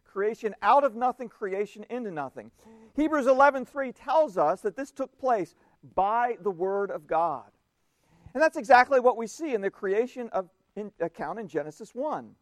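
A man preaching a sermon, reading scripture aloud slowly and with emphasis. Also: high voice, expressive, no echo, studio quality.

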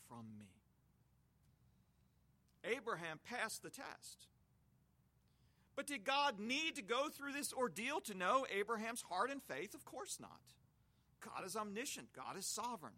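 A man's voice: high voice, sharp tone. A man preaching an expository sermon, reading scripture aloud and explaining it with homely images.

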